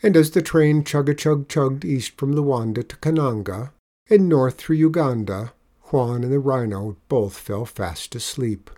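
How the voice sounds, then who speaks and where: Man narrating a storybook, gentle and measured, medium pitch. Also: animated. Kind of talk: storybook reading.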